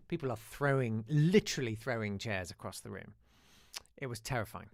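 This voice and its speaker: A man's voice: on the low side, normal speed, dry recording, clean studio sound. A man hosting a live show, chatting casually, reading listener emails and telling stories with asides and restarts. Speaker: host.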